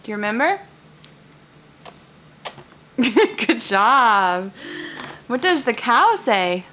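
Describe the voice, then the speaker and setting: A woman with a high, lively voice swooping up and down as she coaxes and praises her toddler, in an unhurried sing-song manner. It sounds like a dull, lo-fi home video made at the breakfast table, with a faint hiss behind her. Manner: coaxing, praising, sing-song baby talk. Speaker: mother.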